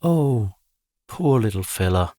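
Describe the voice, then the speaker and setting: A man voicing a caring young girl in a storybook, speaking gently and with sympathy. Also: lowish voice, animated, takes it slowly, no room sound, clean studio sound.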